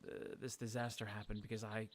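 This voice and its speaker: A man's voice: fairly low pitch, little pitch movement, fairly quick, slight background noise, natural voice. A man voicing a young male game hero who is shaken and hesitant and asks unsure questions.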